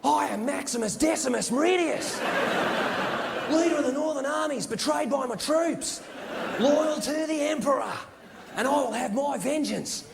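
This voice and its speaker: A man doing an over-the-top impression of an excitable male wildlife presenter with an Australian accent, from a live stage. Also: very high-pitched, normal speed, gravelly, pitched above the performer's own voice. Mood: bellowing. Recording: live stage with crowd and noise.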